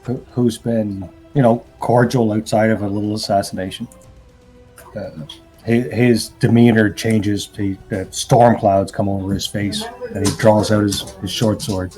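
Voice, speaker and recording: A man playing his character in a tabletop game, speaking smoothly and persuasively. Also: lowish voice, level tone, unhurried, warm tone, faint music behind. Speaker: player.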